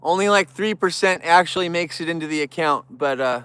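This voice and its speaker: A man's voice: on the high side, brisk, bright, forceful tone, clean tone, dry recording. A man livestreaming from among bears, chatting with his viewers in an emotional way and greeting them and the animals by name. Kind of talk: casual livestream chat to viewers.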